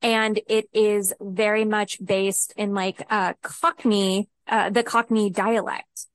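A woman co-hosting a podcast, excitable and exclaiming, peppering casual talk with 'like'. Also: mid-range voice, slow pace, no room sound. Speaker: podcast co-host.

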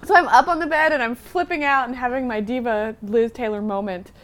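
A woman's voice: fairly high pitch, brisk, fairly bright tone. A woman co-hosting a casual podcast chat, teasing her friends and laughing often. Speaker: podcast co-host.

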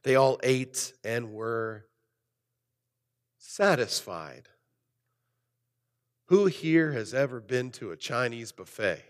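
A man preaching a sermon as pastor, animated, swinging between loud emphasis and soft, low asides. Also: takes it slowly, pauses often, big-room sound.

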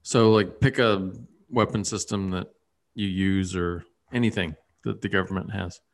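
A man's voice: low voice, fairly even intonation, normal speed. A man in casual chat, rambling with lots of fillers and restarts.

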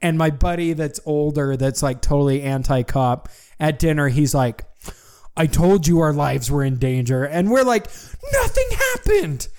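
Young guy telling a wild story to his buddy, kinda high voice, lots of likes and ums. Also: moderate pace, clear, resonant tone. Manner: animated storytelling with lots of fillers. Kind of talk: casual chat.

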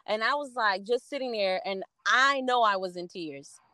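A woman, chatting casually and telling stories with lively acted-out quotes. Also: medium pitch, moderate pace, dry recording, clean studio sound. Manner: animated storyteller, acts out quotes. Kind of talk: casual chat.

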